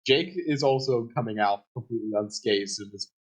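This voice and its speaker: A man's voice: mid-range voice, brisk. A man co-hosting a podcast, chatting casually and giving blunt opinions on a movie. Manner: casual, opinionated remarks with mild swearing. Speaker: podcast co-host. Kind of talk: casual movie recap chat.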